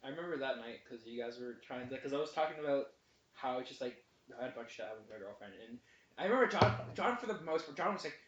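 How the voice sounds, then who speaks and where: A man's voice: mid-range voice, animated, fast talker, fairly bright tone. A young man in casual chat with friends, laid-back and swearing freely. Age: young adult. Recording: distant roomy lo-fi mic with faint noise.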